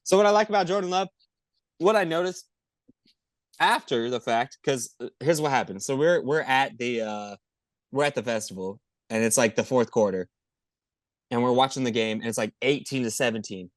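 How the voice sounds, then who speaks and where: Excitable, profane sports podcaster. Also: male voice, medium pitch, moderate pace, dry recording, clean studio sound. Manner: excitable, profane, rambling storyteller. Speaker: podcast co-host. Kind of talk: casual sports chat.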